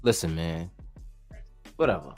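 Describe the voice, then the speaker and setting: A man hosting a casual sports podcast, talking in an animated, slangy, joking way. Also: sits low, measured pace, soft background music. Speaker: podcast host.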